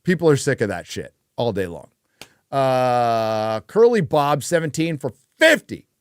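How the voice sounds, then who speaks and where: A male livestream host talks in a blunt, profane rant, peppered with "uh" fillers. His voice sits at a middle pitch and is recorded dry and close. He keeps a loose, casual chat going. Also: sing-song, unhurried, clear, resonant tone, no room sound. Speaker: livestream host reading viewer donations.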